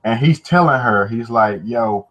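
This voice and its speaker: A man's voice: fairly low pitch, moderate pace, a bit bright. A man giving a casual, slangy spoken review, loose and profane, with lots of filler words. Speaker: manga reviewer. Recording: dull lo-fi recording.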